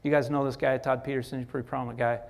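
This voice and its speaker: A man giving a casual motivational lecture to students as a guest executive speaker, animated and slangy, full of "like" and "dude.". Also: mid-range voice, very fast, creaky.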